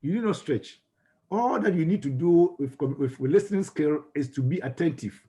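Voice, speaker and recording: A man's voice: on the high side, lively intonation, normal speed, warm tone. A man with a Ghanaian English accent giving a classroom lecture on communication. He often repeats and restarts his words and puts questions to the class.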